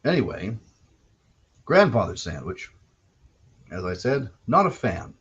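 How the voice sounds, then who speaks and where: A man's voice: lowish voice, sing-song, a little slow, fairly bright tone, husky. A man from Canada hosting a solo podcast, telling rambling, digressive anecdotes with wry self-corrections. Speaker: podcast host. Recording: dull lo-fi recording.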